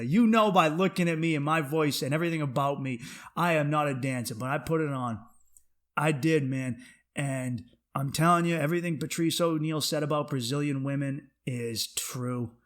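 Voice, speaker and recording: A man, a stand-up comic, hosting his podcast with a blunt, profane, rambling comedy monologue. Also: medium pitch.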